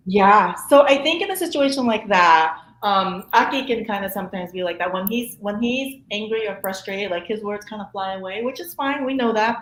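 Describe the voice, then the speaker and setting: A woman therapist talking as a guest in a casual interview, chatty and animated, with frequent laughs and fillers. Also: mid-range voice, moderate pace, hardly any pauses. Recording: roomy echo, faint room noise.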